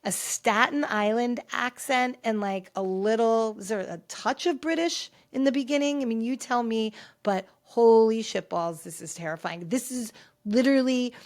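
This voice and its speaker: A woman's voice: on the high side, moderate pace. A woman hosting a pop culture podcast, talking candidly and rambling through her thoughts with frequent restarts. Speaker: podcast host. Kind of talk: casual pop culture chat. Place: home filming set.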